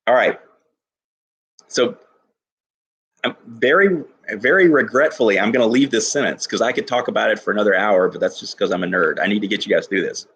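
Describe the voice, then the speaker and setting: A male teacher giving an enthusiastic poetry lesson to his class, reading lines slowly and stressing each syllable. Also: lowish voice, gravelly, fairly bright tone, husky.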